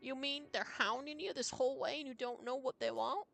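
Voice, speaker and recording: A worried young woman fires off urgent questions in a high, strained voice, as a streamer puts her on. Her voice sits far above the reader's own, part of a live game read-through. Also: fairly even intonation, fairly quick, creaky, a bit bright, faint music behind.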